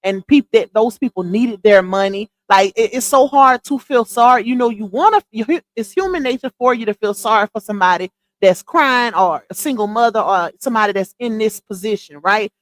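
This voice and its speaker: A woman's voice: on the high side, lively intonation, fairly quick, hardly any pauses. Blunt woman giving gossip commentary. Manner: blunt, scolding, addresses viewers directly. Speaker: livestream commentator.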